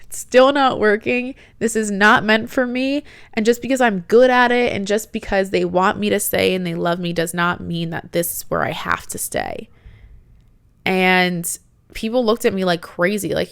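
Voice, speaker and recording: A young woman in her late twenties tells her own story in a casual, animated style, with "like" in nearly every sentence. Her voice is smooth and clean, recorded close and dry with no room sound. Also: medium pitch, moderate pace, no echo. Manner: chatty, animated, heavy use of "like". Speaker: podcast host.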